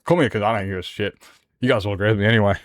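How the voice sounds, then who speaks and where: A man's voice: lowish voice, racing, no echo. An Australian man streaming a game and ranting, heated and sweary, jumping between points. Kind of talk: live-stream rant while gaming.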